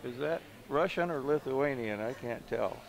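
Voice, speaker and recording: Gravelly-voiced male pool commentator. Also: mid-range voice, moderate pace. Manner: analytical, thinking aloud about shots. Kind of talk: live sports commentary. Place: pool hall. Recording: noisy live venue stream.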